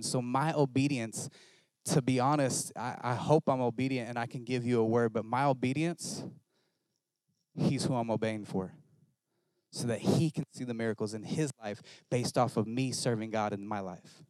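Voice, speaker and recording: A male pastor preaching a sermon, telling a story in an animated, self-mocking way. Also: medium pitch, moderate pace, no echo.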